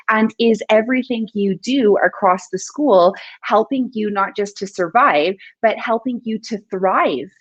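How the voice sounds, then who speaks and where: A woman's voice: medium pitch, dry recording. Effusive woman on a dull call line. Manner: effusive and celebratory. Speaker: podcast co-host guest. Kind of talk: casual video-call interview. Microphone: video call.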